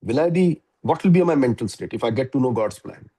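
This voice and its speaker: Animated Indian man with a mellow voice. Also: medium pitch, a little fast, husky, low-quality recording. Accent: Indian English. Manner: animated, chuckling storyteller. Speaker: guest speaker. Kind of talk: motivational talk.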